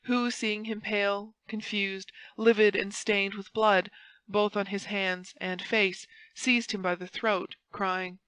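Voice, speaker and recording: A woman narrating a classic novel audiobook with a dramatic, expressive reading. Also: medium pitch, slow, clear, resonant tone, no echo, low-quality recording. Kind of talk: scripted narration.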